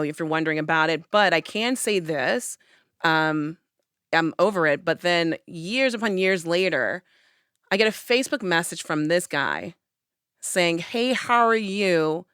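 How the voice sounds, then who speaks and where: A woman's voice: on the low side, a bit bright, dry recording, clean studio sound. A young woman on a podcast, chatting casually and telling a personal story, acting out her own past lines with animation. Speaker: podcast host. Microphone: studio podcast mic.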